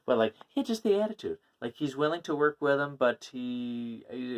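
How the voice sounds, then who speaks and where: A man's voice: mid-range voice, moderate pace. Male comic reviewer, casual and rambling, filler-heavy, mid-range voice. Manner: rambling, many fillers and laughs. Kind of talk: casual chat.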